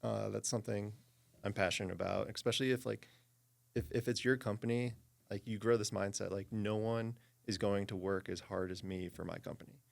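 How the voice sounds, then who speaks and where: A man's voice: fairly low pitch, fairly even intonation, brisk, vocal fry. A man talking as a podcast co-host in casual chat, earnest and emphatic.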